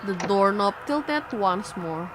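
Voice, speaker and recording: A woman's voice: medium pitch, animated, takes it slowly, noisy background. A woman streamer reading a horror visual novel aloud, breaking off into jumpy, frightened exclamations. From Indonesia. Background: game music.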